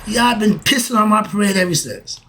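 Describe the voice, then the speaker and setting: A man's voice: sits high, animated, brisk, faint music behind. Older man preaching with rhetorical questions. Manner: rhetorical questions, swings loud and soft, exasperated. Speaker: self-styled spiritual teacher. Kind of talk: preachy monologue to viewers.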